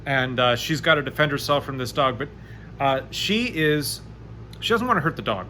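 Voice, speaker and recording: A man narrating a solo tabletop game, chatty and animated as he rolls dice aloud. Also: mid-range voice, moderate pace, a little hiss or hum. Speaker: game master playing solo.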